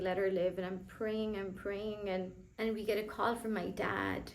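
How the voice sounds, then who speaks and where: Young woman vlogger, emotional first-person storytelling, halting and heartfelt, middle pitch. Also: flat delivery, creaky, a little mellow, slight background noise, poor audio.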